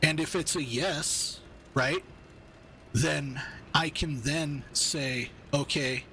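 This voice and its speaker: A man's voice: fairly high pitch, slow pace, vocal fry, bright, forceful tone, slight background noise. A man, angry and steamed up, ranting profanely and rambling in casual chat while streaming a game. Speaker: gaming streamer.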